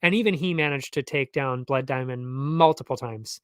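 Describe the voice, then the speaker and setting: A man's voice: medium pitch, moderate pace, a bit bright, smooth, no echo, clean studio sound. A man hosting a betting show in a casual, rambling way, correcting himself and laughing at his own jokes, with slangy talk. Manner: loose slangy delivery. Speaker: betting tipster host.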